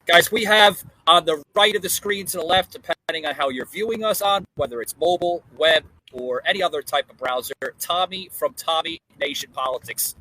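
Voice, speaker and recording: Bright, husky-voiced man hosting a podcast. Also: fairly high pitch, a little fast, hardly any pauses, rough recording. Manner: rambling, many fillers and restarts. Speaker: podcast host. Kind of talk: casual political chat. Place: outdoor porch.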